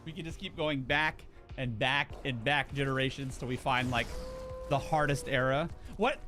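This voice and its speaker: A man's voice: mid-range voice, moderate pace, over music. A young man streaming a game, chatting in a rambling, laid-back way, full of filler words. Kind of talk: casual chat while gaming.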